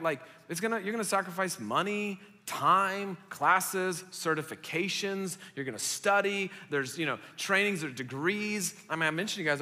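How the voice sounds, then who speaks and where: A young man preaches to college-aged adults in a casual, storytelling way, with quick asides to the crowd. His voice is bright and forceful and sits a little high, and it rings with the long reverb of a church hall. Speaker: pastor.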